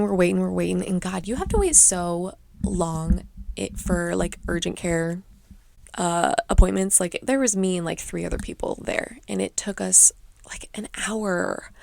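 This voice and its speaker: A woman's voice: fairly low pitch, gravelly, a little mellow, no room sound. A young woman hosting a podcast, rambling through a chatty story in a casual way. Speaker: podcast host. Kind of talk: casual chat.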